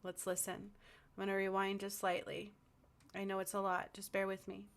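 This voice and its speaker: A woman speaks in a level, flat voice. She talks earnestly and insistently in a spiritual commentary vlog. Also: medium pitch, moderate pace, gravelly. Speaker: spiritual vlogger.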